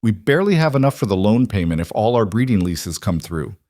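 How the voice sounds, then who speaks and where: A man's voice: lowish voice, big pitch swings, a little fast, darkish tone, dry recording, clean studio sound. A man voicing a weary, determined young ranch wife who speaks frankly and practically. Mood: earnest.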